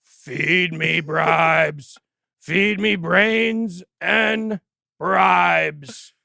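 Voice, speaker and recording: A man putting on the voice of a groaning zombie, dragging each word out in slow moans. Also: sits high, creaky, sharp tone, dry recording, clean studio sound, full character voice. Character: groaning zombie begging for bribes.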